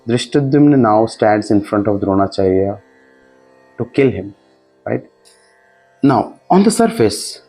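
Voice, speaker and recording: A man explains an old text word by word, in a middle-pitched voice. He is patient and unhurried, pausing to think now and then. Soft music plays faintly behind him. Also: husky, low-quality recording. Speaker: scripture teacher. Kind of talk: explanatory lesson narration.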